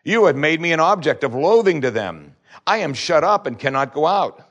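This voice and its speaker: A man preaching a sermon, reading scripture and shifting between loud pleading questions and low, hushed lines. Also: sing-song, normal speed, muffled recording.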